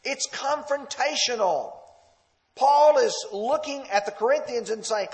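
A man's voice: very high voice, expressive, a little slow. A man preaching a sermon, leading listeners through texts verse by verse with emphatic, sometimes confrontational delivery.

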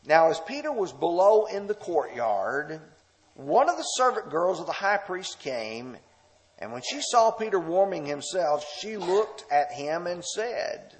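A male pastor preaching a sermon, reading scripture loudly and dropping to hushed, slow asides. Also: sits high, sing-song, long reverb tail. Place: church sanctuary.

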